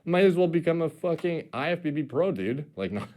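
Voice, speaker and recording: A man's voice: fairly high pitch, animated, a little fast, darkish tone. A man giving casual commentary in a video, rambling with lots of fillers and swearing. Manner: rambling, filler-heavy, profane.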